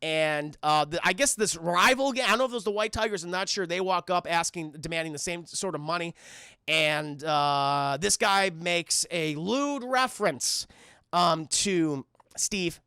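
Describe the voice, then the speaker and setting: A man with a high, gravelly voice tells the story of a film to his live-stream chat in a loose, rambling way, swearing constantly. His tone is bright and sharp, and the sound is dry and close. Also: moderate pace, no echo. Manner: rambling, profane, addresses chat.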